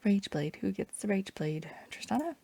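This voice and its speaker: A woman's voice: mid-range voice, sing-song, normal speed, gravelly, warm tone, breathy edge. A woman from Canada chatting casually and wryly while streaming a strategy game, rambling between moves. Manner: chatty, rambling, wry asides.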